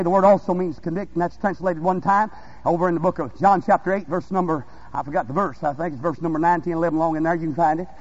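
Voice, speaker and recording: A middle-aged male preacher giving a revival sermon, moving from conversational asides to shouted, drawn-out exhortation. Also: sits high, muffled recording.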